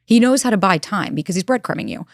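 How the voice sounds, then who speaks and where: A woman's voice: medium pitch, big pitch swings, fast talker, vocal fry, no echo, clean studio sound. A woman who works as a relationship expert, talking emphatically as a guest in a podcast interview and acting out what her clients said. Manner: emphatic, acts out quotes from clients. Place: recorded in Los Angeles.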